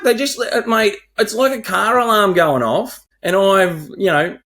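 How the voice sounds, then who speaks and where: A man's voice: sits high, a little slow. An Australian man in his forties, co-hosting a podcast in a sweary, ranting casual chat. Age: 40s. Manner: sweary, ranting, animated storyteller. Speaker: podcast co-host.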